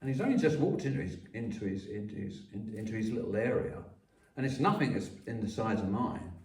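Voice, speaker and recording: Guest, 60s, mellow voice, rambling and profane, echoey room, far mic. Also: male voice, lowish voice, lively intonation, fairly quick. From London. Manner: profane, repetitive, many restarts and coughs. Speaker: podcast guest. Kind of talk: rambling casual storytelling. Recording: roomy, distant mic.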